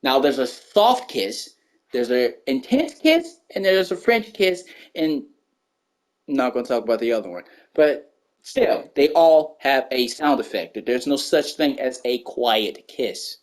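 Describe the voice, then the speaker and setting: A woman's voice: a bass voice, very animated, measured pace. A woman telling a personal story to camera as a heated rant, repeating herself, stammering and swearing when worked up. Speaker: storyteller vlogger.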